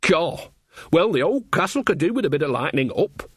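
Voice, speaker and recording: A man voicing a cheerful old female witch who mumbles and tries to smooth things over. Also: a little high, big pitch swings, a little fast, no echo, clean studio sound, voice pushed up. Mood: soothing. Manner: chummy, mumbling, soothing.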